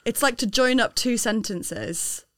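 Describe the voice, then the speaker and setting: A woman's voice: a little high, unhurried, a bit bright, no room sound, studio quality. A woman co-hosting a podcast, chatting frankly, swearing casually and laughing easily. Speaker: podcast co-host. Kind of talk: casual chat.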